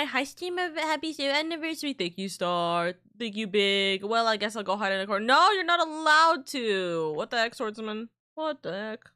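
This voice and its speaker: Her mid-range voice is smooth yet sharp in tone as this VTuber chats casually during a live stream. She reads and thanks chat messages, wandering off into rambling, self-interrupting asides.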